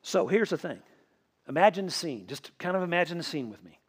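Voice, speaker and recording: A man's voice: fairly high pitch, very animated, a little fast, husky. A man with a Tennessee accent, a pastor preaching a sermon who keeps quizzing the congregation. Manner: asks the congregation questions, answered with "right?". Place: church.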